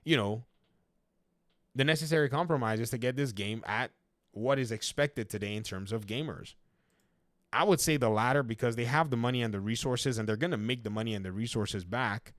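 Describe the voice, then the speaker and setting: Casting: male gaming commentator, mid-pitched, dry close sound, chatty and laughing easily. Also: dry recording. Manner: chatty, laughs often, addresses viewers as guys and man. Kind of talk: casual video commentary.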